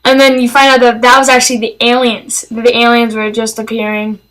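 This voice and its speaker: An eager, young-sounding woman gives a casual spoken film review, rambling and hesitant with many fillers and restarts but clearly enthusiastic. Her voice is fairly high, fairly quick, a bit bright and fairly flat in pitch, and the recording quality is low.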